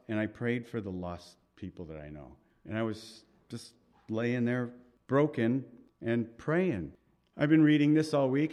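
A man preaching a sermon in an earnest, conversational way, with asides and pauses as he reads and explains scripture. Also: medium pitch, a little mellow. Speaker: pastor.

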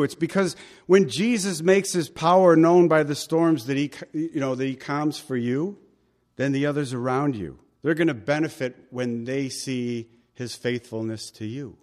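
A man preaching a sermon, talking with the congregation through questions and acting out quoted lines with big swings in pitch and loudness. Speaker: pastor.

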